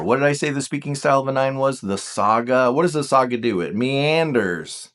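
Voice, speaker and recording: Animated man coaching viewers. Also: medium pitch, fairly quick, few pauses. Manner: animated, asks viewers rhetorical questions. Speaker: personality coach. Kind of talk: casual direct-to-camera teaching.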